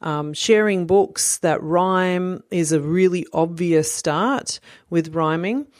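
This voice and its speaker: A woman's voice: fairly low pitch, slow, dry recording, studio quality. A woman in her thirties explaining early literacy skills to parents in a friendly, explanatory way, with frequent "you know" fillers. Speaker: parent educator. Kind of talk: instructional talk to parents.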